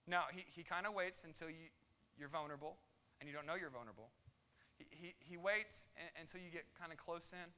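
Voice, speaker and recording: A young male pastor preaching with a bright, forceful tone and a slightly high voice. He jokes, tosses in quick asides and acts out quotes with lots of energy. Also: clean tone. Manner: animated, joking, quick asides and acted quotes. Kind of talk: sermon.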